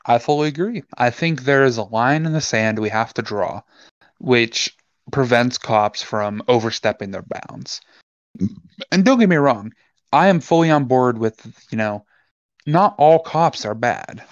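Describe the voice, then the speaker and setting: A man co-hosting a casual podcast, telling animated stories and acting out the back-and-forth of the people in them. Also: medium pitch, unhurried, dry recording. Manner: animated storyteller, acts out quoted exchanges. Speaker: podcast co-host. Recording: dull lo-fi sound, dry.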